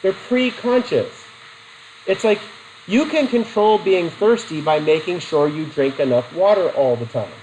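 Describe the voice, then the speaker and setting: A man's voice: fairly high pitch, animated, moderate pace, darkish tone, a little hiss or hum, low-quality recording. A middle-aged man teaching a psychology class in a chatty way, asking the students questions and telling personal stories. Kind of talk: classroom lecture.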